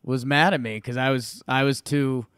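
Smooth-voiced man co-hosting a podcast. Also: mid-range voice, fairly even intonation, moderate pace, a bit bright, no echo, studio quality. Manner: easygoing, hesitant restarts, upbeat. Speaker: podcast co-host. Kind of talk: casual sports podcast chat.

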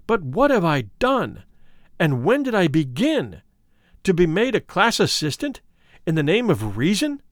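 A man voicing a frightened young male medical student with a hoarse, shaken voice. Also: high voice, huge pitch swings, a little slow, no room sound, clean studio sound, full character voice. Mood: despairing.

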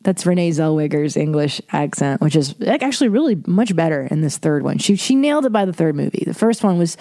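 A woman's voice: lowish voice, lively intonation, a little fast, dark tone. A woman in her thirties hosting a podcast alone, talking in a frank, profane, self-deprecating and rambling way. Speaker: podcast host. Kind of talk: casual solo podcast monologue.

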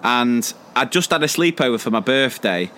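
Male podcast co-host, bright and energetic voice, loose rambling delivery. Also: medium pitch, moderate pace, slight background noise. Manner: rambling storyteller, laughs often, many fillers and restarts. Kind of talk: casual chat.

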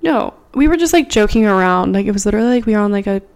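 A woman's voice: medium pitch, lively intonation, rapid-fire, darkish tone, clear, resonant tone. A young woman co-hosting a podcast, telling a story in casual chat, rambling and swearing freely. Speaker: podcast co-host.

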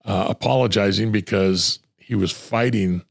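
Gravelly older man telling blunt stories. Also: lowish voice, moderate pace. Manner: blunt, profane, acts out quoted voices. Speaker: retired homicide detective, guest. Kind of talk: storytelling in a podcast interview.

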